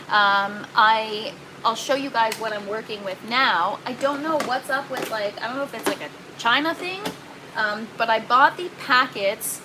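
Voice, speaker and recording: A woman's voice: on the high side, noisy background. A woman hosting a casual livestream, chatting and reading viewer comments aloud, laughing often. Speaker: livestream host. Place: indoor grow tent.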